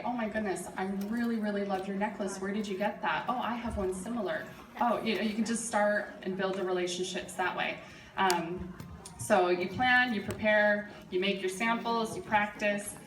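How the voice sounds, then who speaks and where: A chatty, encouraging middle-aged woman leads a sales workshop, her voice sitting slightly low. She is recorded from a distance in a reverberant room, with steady noise underneath. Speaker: sales trainer. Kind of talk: live workshop presentation. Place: presentation room. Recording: echoey room from afar, audible noise.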